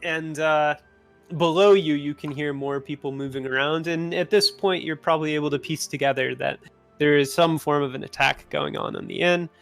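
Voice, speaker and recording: Acting as game master, a man narrates a tabletop game in a gravelly, slightly high voice. His delivery is easygoing and unhurried, with frequent pauses on fillers, and soft music plays underneath.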